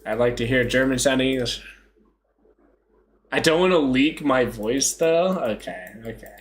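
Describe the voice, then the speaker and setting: A man's voice: mid-range voice, expressive, unhurried. A young man chatting casually on a live stream, joking, self-mocking and laughing often.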